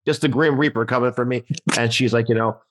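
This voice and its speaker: A man's voice: mid-range voice, fast talker. A man from Newfoundland, a comedian guest, telling a story in a casual chat and acting out the voices. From Newfoundland, Canada. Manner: animated anecdote telling, acts out voices.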